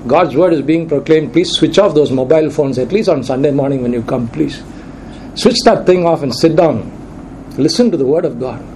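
A man's voice: on the high side, normal speed, a little mellow, a little hiss or hum, poor audio. A man preaching a Sunday sermon in church, repeating key lines for emphasis. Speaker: pastor.

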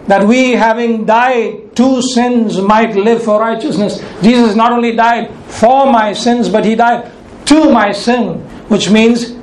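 A man delivers a sermon in a high, ringing voice. He is emphatic and deliberate, slowing down to stress the words he wants to land. The room sounds echoey, with a faint hum behind him. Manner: emphatic, slows to stress key words and repeats them. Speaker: preacher.

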